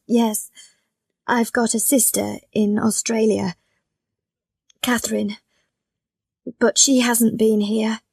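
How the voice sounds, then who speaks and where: A woman's voice: fairly high pitch, little pitch movement, takes it slowly, gravelly, long pauses, a little mellow, slightly rough, no echo, clean studio sound, exaggerated voice. A woman voicing a frightened, injured young man in a storybook reading, speaking in a pleading, fearful way.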